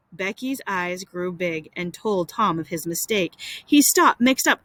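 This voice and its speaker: Expressive woman reading a story aloud. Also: lowish voice, a little slow, hardly any pauses, no room sound, rough recording. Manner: expressive, with wry asides. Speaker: reader. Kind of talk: storybook reading with casual asides.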